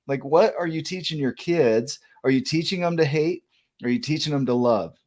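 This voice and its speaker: A man hosting a casual chat, easygoing and jokey, often affirming with quick yeahs. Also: a little high, a little mellow. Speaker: host.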